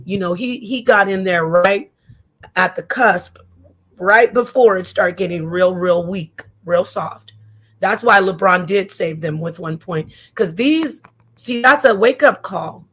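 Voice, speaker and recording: A woman hosting a commentary show, talking in an animated, indignant way and often slipping into mocking voices. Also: medium pitch. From Arizona, US. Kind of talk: opinionated commentary.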